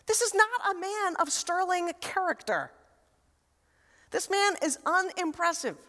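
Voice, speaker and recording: A woman with a high voice preaches a sermon in a relaxed, conversational way. She leans on rhetorical questions and emphatic repetition, and her voice trails off into a long hall reverb. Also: measured pace. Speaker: pastor.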